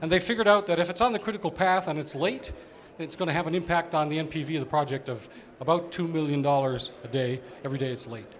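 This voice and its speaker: Higher-voiced man giving a conference talk. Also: fast talker. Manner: conversational, explanatory, with fillers. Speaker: conference speaker, operations executive. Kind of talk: conference presentation.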